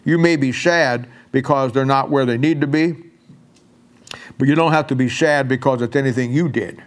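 An older man, a pastor, preaching a sermon in a folksy storytelling way and going soft and quiet when he quotes himself. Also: mid-range voice, moderate pace.

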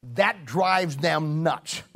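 A man preaching a sermon, emphatic and repetitive, swinging between loud emphasis and hushed, drawn-out lines. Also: on the high side, expressive, gravelly.

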